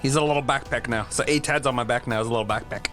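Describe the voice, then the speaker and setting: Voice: mid-range voice, fairly bright tone, soft background music. A player at a tabletop game, joking and bantering playfully with the table. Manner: playful, joking, quick to laugh.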